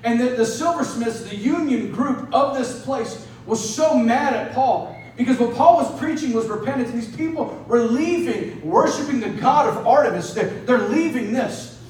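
Male pastor, conversational sermon, very high voice, booming church echo, set back from the mic. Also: animated, moderate pace, darkish tone, slight background noise. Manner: storytelling, conversational, frequent "right?". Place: church hall. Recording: echoey hall, mic at a distance.

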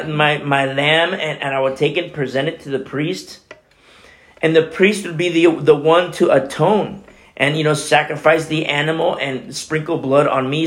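A man preaching a Bible teaching sermon as a pastor, talking conversationally with frequent "you know" asides. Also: on the high side.

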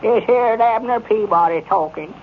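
An actor playing a worried, simple-hearted country storekeeper with a rural Arkansas accent, talking in a halting, fretful drawl. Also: male voice, high-pitched, natural voice. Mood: on the phone. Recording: muffled 1930s radio broadcast with faint hiss.

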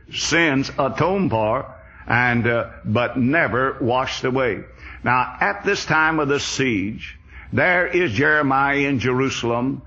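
Male preacher, husky voice, dull lo-fi old tape sound. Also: mid-range voice, sharp tone. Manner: earnest expository preaching. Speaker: Bible teacher. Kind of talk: sermon. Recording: dull lo-fi recording.

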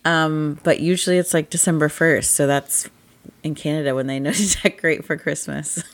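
A woman co-hosting a casual podcast, her voice husky and sitting on the lower side. She chats and rambles, laughing often between thoughts. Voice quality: husky morning voice. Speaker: podcast co-host. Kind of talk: casual chat.

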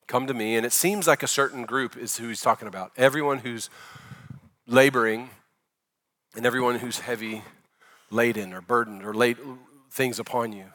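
A man preaching a sermon to a congregation as pastor, in a conversational way with jokes and asides, slowing down and softening when he reads scripture. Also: medium pitch, fairly even intonation. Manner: reads scripture slowly and softly, prays quietly. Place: church sanctuary before a congregation.

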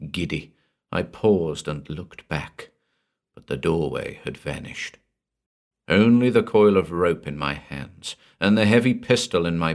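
Slow, deep-voiced male horror narrator. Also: gravelly. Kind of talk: dramatic audiobook narration.

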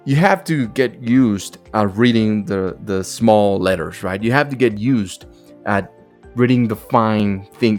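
A man with a mid-range voice hosts a podcast solo, delivering a casual monologue that's blunt and emphatic, heavy on profanity and repetition. Faint music plays behind him.

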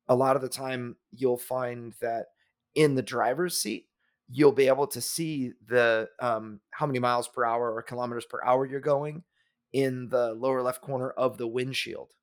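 A man's voice: medium pitch, fairly even intonation, normal speed. Brief: man, podcast co-host, easygoing rambling chat, fillers and restarts. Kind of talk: casual chat.

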